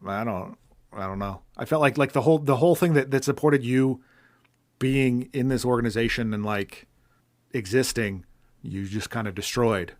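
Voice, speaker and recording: A man's voice: mid-range voice, normal speed. A man co-hosting a podcast, chatting casually about a film and thinking aloud as he critiques it. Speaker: podcast co-host. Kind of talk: casual film-review chat.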